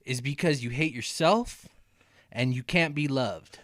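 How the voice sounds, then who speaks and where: A man co-hosting a podcast, cutting in with quick mocking remarks and laughter. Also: medium pitch, fairly bright tone, dry recording, studio quality. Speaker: podcast co-host. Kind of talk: casual podcast banter.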